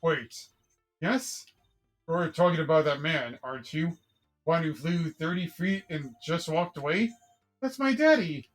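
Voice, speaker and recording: A streamer voicing an older female mob matriarch from a game, proud and gloating, with a low, theatrical cackle in the delivery, read aloud on a live stream. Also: animated, a little slow, faint music behind, natural voice.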